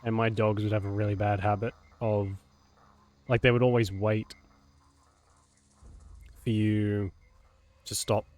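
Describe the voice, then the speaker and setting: A man's voice: fairly low pitch, level tone, a little slow, long pauses, a little mellow, no room sound. A man chatting casually while streaming a game live. He laughs often and keeps saying meow. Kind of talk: casual live gameplay chat.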